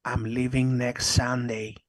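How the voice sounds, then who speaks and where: A man's voice: mid-range voice, measured pace, dry recording. A man who is not a native English speaker, joking around in a casual group chat on a stream. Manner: joking, animated. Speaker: show regular.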